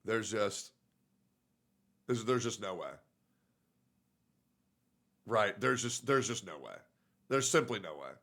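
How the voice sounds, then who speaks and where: A man's voice: on the low side, expressive, slow pace, long pauses, a bit bright. A young man streaming in casual commentary, reacting to posts in a profane, filler-heavy, muttering way.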